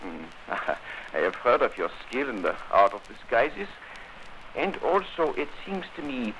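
A man playing a wounded, aging German count with a German accent, speaking haltingly in 1940s radio acting style. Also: medium pitch, very animated, a bit bright, a little hiss or hum, low-quality recording. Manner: halting, breathy with weakness.

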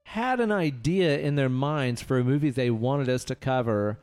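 A man's voice: medium pitch, normal speed, darkish tone, clean tone. A man co-hosting a podcast, chatting casually with joking, playful banter. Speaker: podcast co-host.

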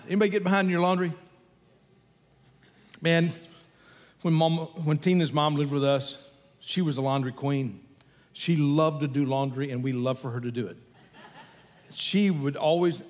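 High-voiced older pastor in a reverberant hall. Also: male voice. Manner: conversational, folksy, animated storytelling with chuckles. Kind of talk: sermon.

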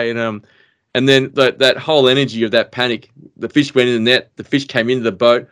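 An Australian man, a podcast guest, telling a story in casual chat, excitable and animated, trailing off into fillers. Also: mid-range voice, a little fast.

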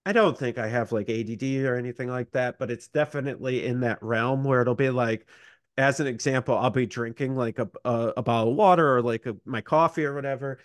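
A man's voice: medium pitch, steady tone, brisk, no room sound. A man co-hosting a casual gaming podcast, rambling and self-deprecating with lots of fillers. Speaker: podcast co-host.

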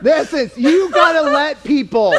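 A man's voice: extremely high pitch, unhurried, noisy background. A man telling a personal story in casual chat with his wife, laughing often and acting out what people said. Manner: animated, laughing, acts out quotes. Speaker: co-host, husband.

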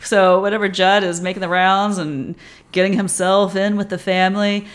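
A woman's voice: mid-range voice, fairly even intonation, moderate pace. A woman co-hosting a podcast, chatting casually about a horror film and laughing often. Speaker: podcast co-host.

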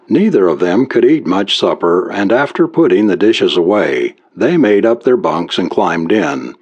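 Low husky male storyteller. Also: animated, unhurried, hardly any pauses, a little mellow. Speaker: narrator. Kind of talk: audiobook narration. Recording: muffled lo-fi recording.

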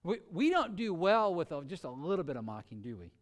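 A man preaching a sermon earnestly, with sudden shifts between loud emphasis and quiet, drawn-out words. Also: on the high side, sing-song, in a large hall. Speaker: pastor.

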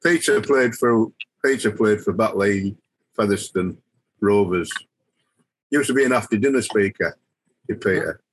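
A man's voice: lowish voice, normal speed, long pauses, a little hiss or hum, low-quality recording. An older man, a former player, telling anecdotes as a guest in casual podcast chat. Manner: anecdotal, chuckling storyteller.

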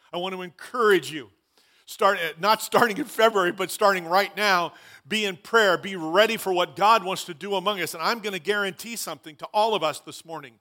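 A man's voice: high-pitched, sharp tone. A man in his sixties preaching a sermon as pastor, emphatic, repeating key phrases and dropping dry asides. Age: 60s.

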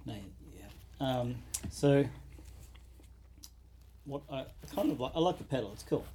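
Brief: male co-host, mellow easygoing voice, casual trailing chat, faint background hiss. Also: mid-range voice, lively intonation, a little slow. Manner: laid-back, laughing, trailing off. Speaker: podcast co-host. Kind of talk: casual chat about guitar pedals.

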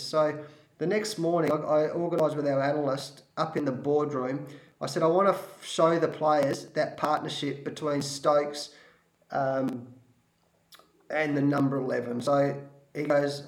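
A middle-aged man with an Australian accent, a former cricket coach telling a story with animated restarts and repeated words. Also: fairly high pitch, normal speed, roomy sound. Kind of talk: storytelling in a panel talk.

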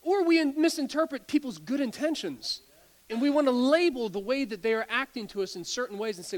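High-voiced pastor man, animated sermon. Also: a little fast. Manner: animated storytelling, stumbles and repeats words, laughs often.

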